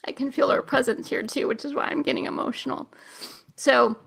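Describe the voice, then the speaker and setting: Gravelly-voiced woman giving gentle readings. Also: high voice, fairly even intonation. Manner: soft, gentle, slow and emotional. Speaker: intuitive reader, show host. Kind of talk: live psychic reading session.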